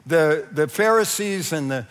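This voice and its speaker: A man with a high voice delivers a sermon as a pastor. He preaches with animated energy, laughing often and crying out in places. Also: measured pace, big-room sound.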